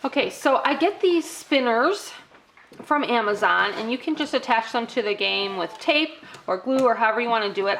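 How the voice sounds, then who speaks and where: In an instructional demo for parents, a middle-aged woman walks through a toddler activity, frequently switching into exaggerated, sing-song child-directed speech. Her voice is on the high side with a fairly bright tone, and there's slight background noise.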